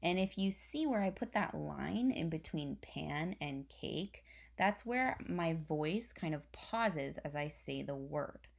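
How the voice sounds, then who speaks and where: A woman's voice: sits low, animated, measured pace, gravelly, hardly any pauses. A young woman teacher patiently explaining a spelling lesson step by step to her class. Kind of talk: recorded online spelling lesson.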